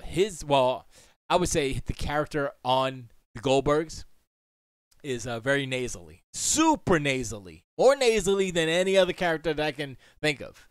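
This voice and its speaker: A man hosting a casual live stream from his home studio, talking in a rambling, animated way with many restarts as he answers chat. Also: on the high side, moderate pace, smooth, dry recording. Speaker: music producer and stream host.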